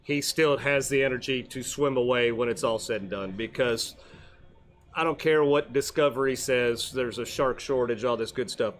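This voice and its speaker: A man, a fishing captain co-hosting a casual fishing show, wry and easygoing, often trailing off quietly. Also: medium pitch, normal speed.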